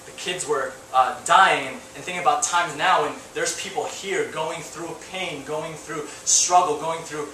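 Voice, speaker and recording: A man's voice: a little high, sharp tone, roomy sound, distant mic, a little hiss or hum, low-quality recording. A man preaching a sermon, telling an emotional personal story with many restarts and rising intensity. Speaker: pastor. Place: church hall.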